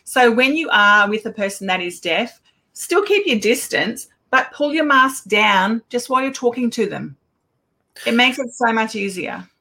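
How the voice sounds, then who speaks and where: A middle-aged woman, an Auslan educator giving a casual talk with lively anecdotes and acted-out exchanges. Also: on the high side, normal speed, creaky. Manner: animated storyteller, acts out quoted exchanges.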